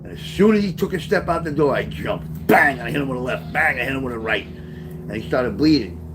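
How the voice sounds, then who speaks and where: A middle-aged man tells a rough street story on a casual livestream. He rambles and swears freely, in a streetwise, mid-pitched voice. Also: animated, brisk, background noise. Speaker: author livestreaming to chat.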